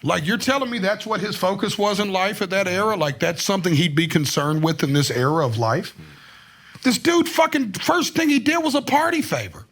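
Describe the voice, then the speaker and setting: A married man chatting casually as a podcast guest, telling stories in an animated, profane way. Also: high voice, fairly quick. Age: adult, married. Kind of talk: casual chat.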